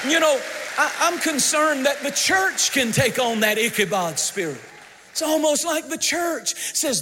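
Preacher guy hollering, high bright voice, big echoey hall. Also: sing-song, husky, some chatter behind. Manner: shouting, sing-song preaching with drawn-out words. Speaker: pastor. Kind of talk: sermon. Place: church sanctuary. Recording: reverberant hall.

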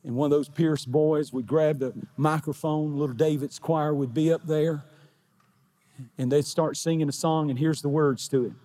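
A man's voice: a little high, fairly even intonation, moderate pace. Fervent pastor preaching to his church. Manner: fervent preaching that builds to shouting. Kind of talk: sermon. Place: church sanctuary.

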